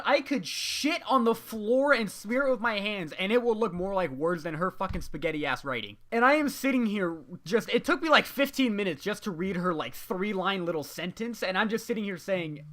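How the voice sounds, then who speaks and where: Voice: mid-range voice, sharp tone. Exasperated young adult student ranting. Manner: exasperated, profane, heavy on "you know" fillers. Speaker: student venting about a graded paper. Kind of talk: ranting vlog monologue.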